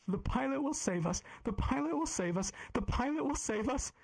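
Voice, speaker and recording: Guy voicing a scared crying little girl, way up high, quivery, story game. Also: lively intonation, moderate pace, gravelly, a little mellow, slightly rough, exaggerated voice. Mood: trance-like. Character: frightened little girl, tearful and stubborn.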